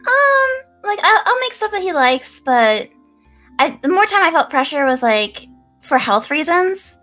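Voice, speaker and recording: A woman's voice: sits high, big pitch swings, a little slow, sharp tone, soft background music. An American woman chatting as a guest, playful and self-mocking. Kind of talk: casual chat.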